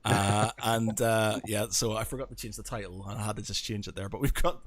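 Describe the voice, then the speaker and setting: A man's voice: on the low side, fairly quick, no echo. A man co-hosting a podcast, chatting casually and telling stories with lots of laughter. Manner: animated, laughing storyteller. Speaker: podcast co-host. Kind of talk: casual chat.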